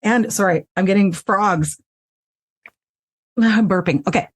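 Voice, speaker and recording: Her pitch is medium, with a breathy edge and a slightly slow delivery. A voice actress, she's a guest in a casual interview, talking openly and animatedly, cursing freely, from her recording space at home.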